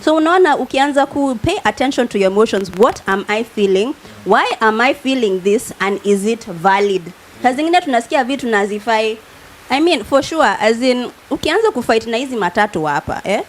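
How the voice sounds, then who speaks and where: A woman's voice: on the high side, lively intonation, brisk, a little hiss or hum. A woman with a Kenyan accent, a guest expert on a TV talk show, explaining in a teacherly way and acting out everyday examples. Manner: teacherly, acts out everyday examples, mixes English and Swahili. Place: TV studio.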